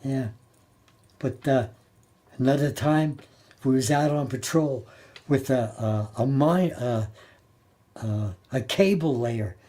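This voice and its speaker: An older man recalling his time as a Navy sailor in a halting, plain-spoken way, often repeating and restarting his words. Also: mid-range voice, warm tone. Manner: plain-spoken, colloquial grammar. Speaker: Navy veteran interviewee. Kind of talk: oral history storytelling.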